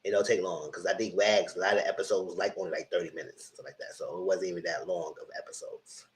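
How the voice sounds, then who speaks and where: A man's voice: low-pitched, steady tone, fast talker, poor audio. A man in his thirties hosting a live-stream TV review, chatting casually and greeting his viewers directly. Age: 30s.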